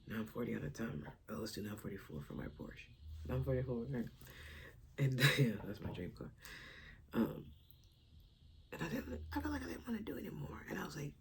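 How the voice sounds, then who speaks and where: A woman's voice: very deep voice, gravelly. A woman vlogger and stand-up comedian chatting casually to camera. She rambles, laughs often and drops into whispers. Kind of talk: casual spiritual chat to camera.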